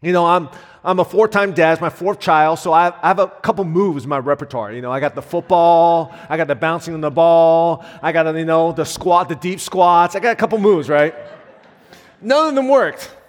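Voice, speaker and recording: A man in his thirties, a pastor, preaches a sermon in a church sanctuary, earnest and conversational with frequent fillers. His voice is fairly high and a little fast, and the recording has long hall reverb.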